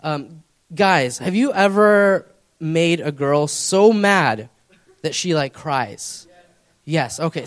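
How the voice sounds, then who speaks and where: A man's voice: fairly high pitch, animated, extremely slow, pauses often, some chatter behind. A young man preaching, telling a personal story in a casual, rambling way with many fillers. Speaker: pastor. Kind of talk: storytelling sermon.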